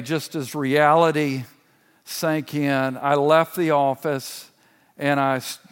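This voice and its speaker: A church elder in his sixties shares a personal testimony from the pulpit, earnest and unhurried. His voice sits a bit high for a man and moves at a slow, deliberate pace. The sound carries a long reverb from a large auditorium. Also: a bit bright, clear, resonant tone. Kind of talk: sermon.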